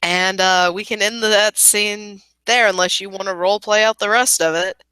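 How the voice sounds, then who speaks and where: A woman running a tabletop role-playing game, narrating in a relaxed way. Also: medium pitch, moderate pace, clean tone, no echo. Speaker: game master.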